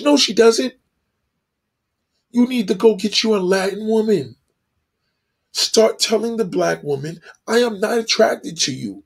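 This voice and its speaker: A man's voice: high voice, unhurried, husky. A man delivering a heated, profane opinion monologue with emphatic, ranting delivery. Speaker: commentator.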